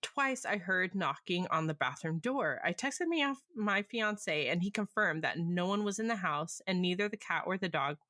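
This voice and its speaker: A woman with a husky voice reading listener stories aloud on a podcast, laughing often as she goes. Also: fairly low pitch, expressive, normal speed, hardly any pauses, bright, forceful tone, no echo, studio quality. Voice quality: husky smoker's voice. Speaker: podcast co-host.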